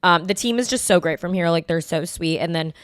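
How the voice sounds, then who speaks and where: A woman's voice: lowish voice, a little fast, fairly bright tone, no room sound, studio quality. A young woman co-hosting a podcast in casual chat, saying "like" constantly and swearing offhandedly. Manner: chatty, heavy use of "like", swears casually. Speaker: podcast co-host.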